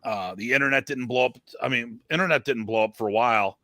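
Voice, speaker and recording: A man's voice: mid-range voice, fast, pushed and bright. A man hosting a casual interview, asking follow-up questions in a conversational way. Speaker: podcast host.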